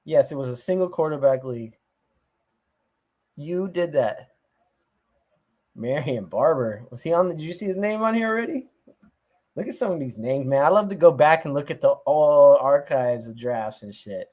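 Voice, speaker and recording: A man hosting a live fantasy football watch party, chatting loosely and teasing a friend with plenty of profanity. His pitch swings widely as he jokes, rising and dropping all over. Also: normal speed, long pauses. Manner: animated, profane, joking. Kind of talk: casual banter with a friend.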